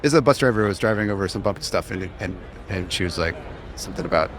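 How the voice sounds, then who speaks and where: A man with a fairly low voice co-hosts a live podcast from a conference floor. He talks casually, rambles and restarts often, and there is faint noise behind him. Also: lively intonation, rapid-fire. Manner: rambling, laughing, many restarts. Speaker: podcast co-host.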